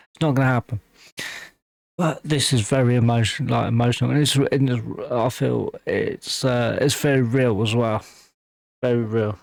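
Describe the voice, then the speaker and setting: A man hosting a music reaction video, talking in halting, emotional bursts full of fillers and restarts while fighting back tears. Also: mid-range voice, fairly even intonation, gravelly, no room sound. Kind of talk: casual reaction commentary.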